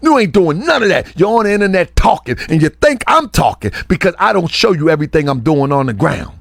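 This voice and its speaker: A man's voice: a little high, sing-song, fairly quick, gravelly, no room sound, clean studio sound. A man, a religious teacher and show host, delivering a heated, confrontational online rant full of scolding repetition.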